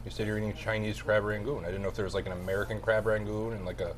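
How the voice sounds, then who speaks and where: A man's voice: lowish voice, flat delivery, very fast, slight background noise. A man co-hosting a casual comedy chat, wry and self-deprecating. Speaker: co-host.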